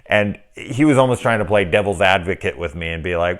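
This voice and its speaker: Deep-voiced middle-aged man ranting casually. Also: expressive, fairly quick, hardly any pauses, a bit bright. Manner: profane, ranting, acts out quoted reactions. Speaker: film reviewer. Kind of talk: casual spoken film review.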